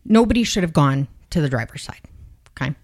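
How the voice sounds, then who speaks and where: A podcast host with a low voice speaks a little fast as she casually retells a true crime story. She's animated, swears freely, and acts out the quotes.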